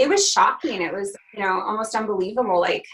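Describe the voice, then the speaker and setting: A woman's voice: medium pitch, quick pace, a bit bright, a little hiss or hum, rough recording. Earnest woman telling her story. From Canada. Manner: earnest, heartfelt retelling with frequent "you know" and "um". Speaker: guest, country singer. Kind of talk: personal storytelling in an interview.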